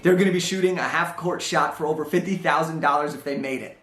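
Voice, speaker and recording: A young man giving a motivational talk, telling a personal story in an animated way and acting out the dialogue. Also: fairly high pitch, fast, roomy sound. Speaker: motivational speaker.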